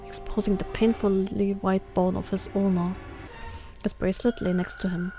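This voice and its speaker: A woman reading a visual novel aloud, steady with occasional slips and restarts. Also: mid-range voice. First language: German. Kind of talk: reading game text aloud.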